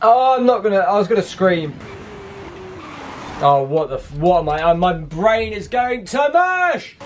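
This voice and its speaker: A man commentates his own racing game run in a high, bouncy voice that swings all over the place. He is excitable and easily frustrated, and his rough, noisy mic picks up the whine of game engines behind him. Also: unhurried. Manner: excitable, bursts into frustrated shouts. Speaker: gaming YouTuber.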